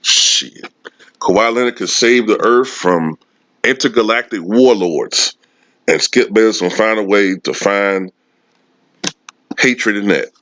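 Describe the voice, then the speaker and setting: A man's voice: lowish voice, a little slow, a bit bright, dry recording. A man delivering a sarcastic, profane sports commentary rant. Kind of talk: casual ranting commentary. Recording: dull lo-fi dry recording.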